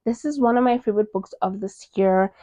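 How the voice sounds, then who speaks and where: A woman's voice: medium pitch, fairly quick, no room sound. A young woman from South Africa chatting casually about her favorite books. She gushes and fills her talk with lots of "like"s. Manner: gushing, animated, filler-heavy with many "like"s. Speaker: book reviewer. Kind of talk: casual book recommendation vlog.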